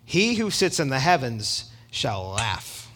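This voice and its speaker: A man's voice: medium pitch, big pitch swings, slow, a bit bright, slight background noise. A middle-aged man preaching a sermon in an emphatic, conversational way, with asides to the congregation. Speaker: pastor.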